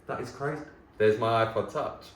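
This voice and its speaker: A man, chatting casually to camera in an excitable, nostalgic way. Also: mid-range voice, moderate pace, echoey room, slight background noise, low-quality recording. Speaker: vlogger host. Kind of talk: casual chat.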